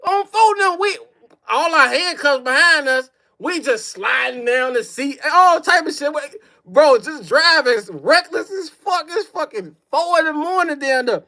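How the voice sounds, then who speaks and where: A man's voice: extremely high pitch, animated, normal speed, sharp tone. A young man telling a personal story on a livestream, in a profane, slang-heavy way with mouth sound effects. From Chicago. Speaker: streamer.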